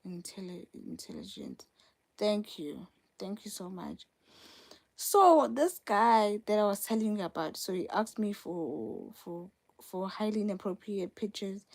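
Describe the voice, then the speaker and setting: A woman's voice: fairly low pitch, a little mellow. A young woman hosting a casual live stream from her phone, talking straight to viewers and repeating herself for emphasis. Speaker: livestream host.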